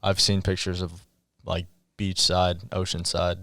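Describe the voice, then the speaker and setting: Smooth-voiced young man telling stories. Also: sits low, completely flat delivery, a little slow, a bit bright, no room sound, studio quality. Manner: rambling, enthusiastic storyteller. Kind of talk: casual chat.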